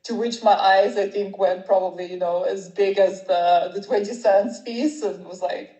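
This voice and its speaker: Female interview host, mellow warm tone, chatty and upbeat, roomy echo. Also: medium pitch, fairly even intonation, normal speed, few pauses. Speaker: podcast host. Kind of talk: conversational interview hosting. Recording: echoey room.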